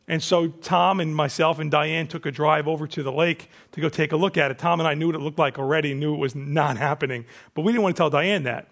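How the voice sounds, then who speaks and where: A male pastor preaching a sermon, telling stories in an animated way and acting out the quotes. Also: on the high side, fast talker, creaky, few pauses.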